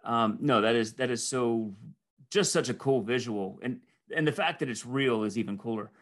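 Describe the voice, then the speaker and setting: A man's voice: mid-range voice, normal speed. Enthusiastic man recounting scenes casually. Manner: enthusiastic, restarts often, recounts scenes in detail. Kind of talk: casual movie review chat.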